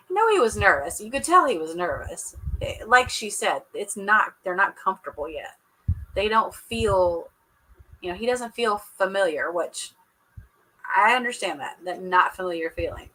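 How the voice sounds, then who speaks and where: A woman's voice: mid-range voice, animated, a little slow, long pauses, sharp tone, poor audio. A woman hosting a casual live reaction chat, talking to viewers in a teasing, chatty way and laughing often. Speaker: show reaction host.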